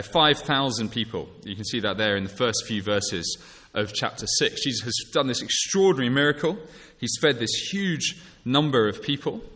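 A man preaching a sermon to his congregation. He speaks in a measured, conversational way, with frequent fillers and small restarts. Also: mid-range voice, pushed and bright. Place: church. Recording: long church reverb.

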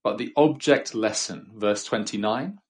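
A man with a fairly low voice delivers a sermon, reflective and measured. He slips in homely, gently humorous asides between scripture readings. It sounds recorded at a desk at home. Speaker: preacher.

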